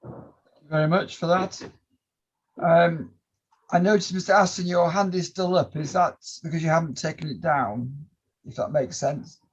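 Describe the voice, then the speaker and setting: A man chairing a formal planning hearing over a video call, politely summarising submissions in a measured way with some hesitations. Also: a little high, steady tone, slightly rough, dull audio. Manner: polite, measured, reads points aloud with hesitations.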